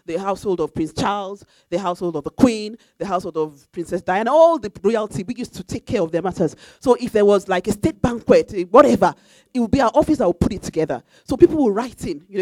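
A woman's voice: mid-range voice, darkish tone, no echo. A woman preaching a sermon in an emphatic, repetitive way, now and then breaking into sung phrases. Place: church.

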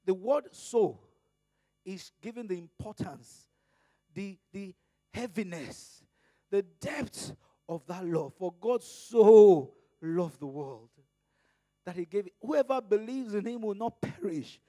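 In a dry recording, a preacher from Nigeria gives an impassioned sermon in a voice that sits high and sounds expressive. He swings from loud emphasis to hushed asides and lingers slowly over scripture passages.

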